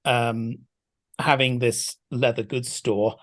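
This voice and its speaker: A man talks through a film in a relaxed podcast conversation, his voice sitting at an ordinary middle pitch. He thinks aloud, hesitates often and restarts his sentences before building his point. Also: takes it slowly. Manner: thoughtful, hesitant, many restarts. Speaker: film scholar guest. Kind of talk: casual podcast discussion.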